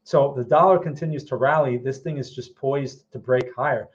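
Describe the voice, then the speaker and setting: A man's voice: mid-range voice, normal speed, muffled recording. A man hosting a casual market livestream, answering viewer questions and often checking in with "all right" and "okay". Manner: answers viewer questions while looking at charts. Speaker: trading livestream host.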